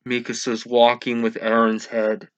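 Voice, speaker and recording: A man's voice: mid-range voice, monotone, measured pace, lo-fi sound. A man hosting a casual manga reaction, thinking aloud and getting emotional as he reads. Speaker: reaction channel host.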